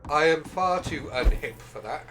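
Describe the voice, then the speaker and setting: A man's voice: fairly high pitch, lively intonation, a little slow. A man in his forties streaming a video game, chatting casually with joking, self-deprecating asides. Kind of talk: casual gameplay commentary. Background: game music.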